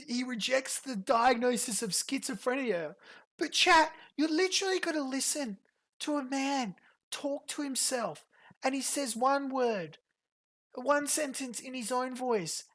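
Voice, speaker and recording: A woman's voice: high voice, expressive. A woman streamer giving a profane, mocking reaction commentary to a clip. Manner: profane, fast mocking rants.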